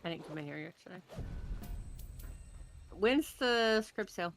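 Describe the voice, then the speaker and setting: A woman on voice chat during a game, asking slow, casual questions. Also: on the low side, animated, faint music behind.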